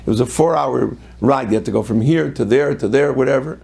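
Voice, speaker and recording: A man's voice: mid-range voice, a little fast, creaky, a little mellow, slightly rough. A middle-aged man, a rabbi giving a sermon, telling stories and acting out what people said, with Hebrew and Yiddish terms mixed in.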